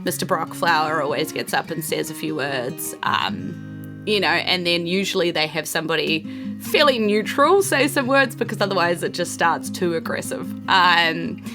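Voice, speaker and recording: A woman's voice: lowish voice, animated, moderate pace, music in the background. A woman with a New Zealand accent, narrating a tabletop game casually as game master, with many fillers.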